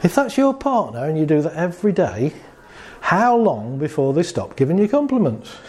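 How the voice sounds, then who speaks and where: A man's voice: fairly high pitch, very animated, normal speed, warm tone, breathy edge. A man giving a chatty talk on anxiety to an audience, acting out little scenes and laughing along. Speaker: speaker on anxiety and relationships.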